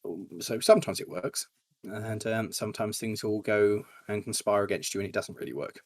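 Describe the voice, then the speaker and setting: A man with a somewhat low, husky voice talks casually as an interview guest. He tells stories animatedly and leaps into squeaky impressions of the people in them. His pitch sits a bit below the typical male range. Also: moderate pace. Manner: animated storytelling, jumps to high-pitched impressions. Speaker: YouTuber guest.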